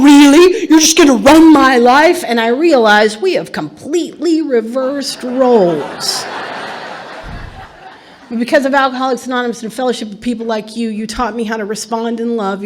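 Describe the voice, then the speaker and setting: A middle-aged woman with a fairly high voice gives a personal testimony at a recovery meeting. She tells her story earnestly and with emphasis, and often breaks into laughter. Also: moderate pace.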